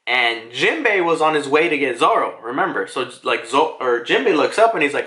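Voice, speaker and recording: A man's voice: a little high, sing-song, moderate pace, sharp tone. Sweary, rambling male manga reviewer. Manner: rambling, profane, heavy on fillers like "like". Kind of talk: casual commentary. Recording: echoey room.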